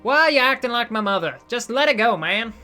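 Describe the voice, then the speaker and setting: Brash loot-hungry bandit, male, bright and pushy, voiced by a man. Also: high-pitched, very animated, a little fast, faint music behind, voice pushed up, heavily acted. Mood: annoyed. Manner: defiant and loud.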